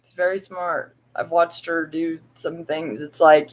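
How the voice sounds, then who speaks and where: A woman's voice: deep voice, animated, gravelly, poor audio. A woman chatting casually to viewers at home at night, rambling and laughing as she talks. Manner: rambling, laughing, slow and drawn-out. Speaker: vlogger.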